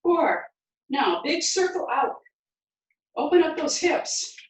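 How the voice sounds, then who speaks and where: A woman fitness instructor leading a guided home workout, counting reps aloud and giving steady encouraging cues. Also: sits high, slow pace. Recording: very echoey room, mic far away.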